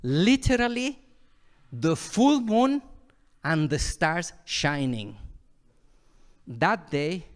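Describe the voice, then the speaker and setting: A man from Mexico, a Buddhist monk, gives a dharma talk in a fairly high voice. He tells his story with vivid sound effects and acted-out moments. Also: lively intonation, extremely slow, pauses often.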